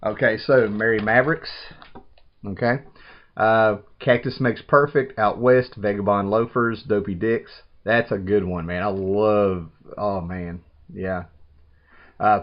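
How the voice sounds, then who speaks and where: Thirties man, casual unboxing vlogger, rambly and excited, low-pitched, muffled home recording. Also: slight background noise. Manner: rambling, enthusiastic, says "man" often.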